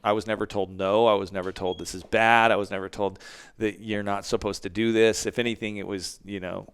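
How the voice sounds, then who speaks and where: Rough low-voiced man telling stories, swears a lot, smooth and clear on the mic. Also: little pitch movement, brisk, fairly bright tone. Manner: candid, heavy swearing, acts out quotes. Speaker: podcast guest, band frontman. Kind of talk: casual interview storytelling.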